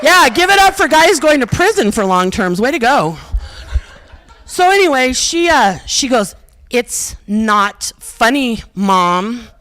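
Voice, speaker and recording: A middle-aged woman delivers a stand-up routine in a historic theater with a live audience, her high voice sing-song and a bit bright. At a moderate pace, she tells stories punctuated by brassy jokes at her own expense and punchy lines.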